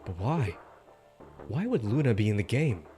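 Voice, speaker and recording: A man's voice: lowish voice, sing-song, moderate pace, mellow, faint music behind. Young man reading game lines on stream. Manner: joking, reads character lines aloud. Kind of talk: casual live-stream play-through. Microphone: desk mic with static.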